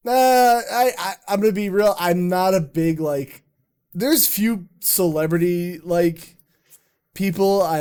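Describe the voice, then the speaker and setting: A man's voice: sits high, slow pace, darkish tone, clear, resonant tone. A man hosting a live stream chat in a rambling, jokey way, swearing often. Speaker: streamer and podcast host. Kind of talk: casual chat.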